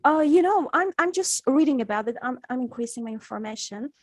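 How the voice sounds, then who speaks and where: A woman in the audience of an academic talk asks a question in a fairly high voice. She hesitates and searches for her words as she speaks. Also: lively intonation, brisk, no room sound. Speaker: audience member asking a question.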